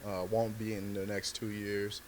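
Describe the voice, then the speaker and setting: A man's voice: lowish voice, completely flat delivery, normal speed, a little mellow, slight background noise. A man, a comedian guest on a podcast, telling a story in loose, slangy talk full of filler words. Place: podcast studio.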